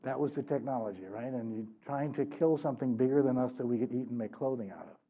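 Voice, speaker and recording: A man's voice: medium pitch, fast talker, highs cut off. Older man giving a chatty public talk. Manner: conversational, keeps asking "right?". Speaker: author and speaker. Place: library event room.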